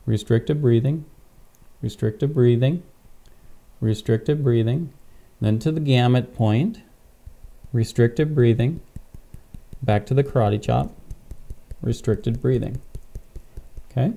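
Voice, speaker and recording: Brief: dark, gravelly male pastor, patient step-by-step instructor, clip-on mic. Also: mid-range voice, slow pace, pauses often. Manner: patient, step-by-step, frequent "okay?" check-ins. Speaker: pastor teaching tapping technique. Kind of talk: instructional demonstration. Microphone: clip-on microphone.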